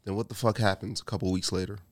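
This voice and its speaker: A man's voice: lowish voice, fairly even intonation, racing. A man co-hosting a podcast, telling stories in a blunt, profane, casual way. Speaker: podcast co-host. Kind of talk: casual chat.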